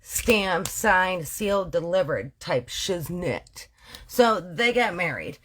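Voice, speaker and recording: A woman's voice: fairly low pitch, expressive, slow pace. A woman from Canada hosting casual true-crime storytelling, slangy and playful, often correcting herself. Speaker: storyteller host.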